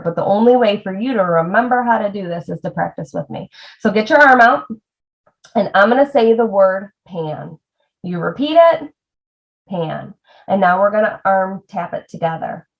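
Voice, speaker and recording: A woman tutor walks parents through a reading game, stretching words apart sound by sound and speaking straight to them. Her voice sits at an ordinary middle pitch. The audio is a little dull and lo-fi. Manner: demonstrating sounds slowly, addressing parents directly. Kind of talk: instructional video lesson. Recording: slightly dull lo-fi video audio.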